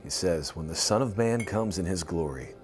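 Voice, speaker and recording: A man co-hosting a Bible show, reading scripture aloud in a calm, measured way and reacting to his partner. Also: deep voice. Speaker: Bible teacher, co-host. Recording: music playing behind the voice.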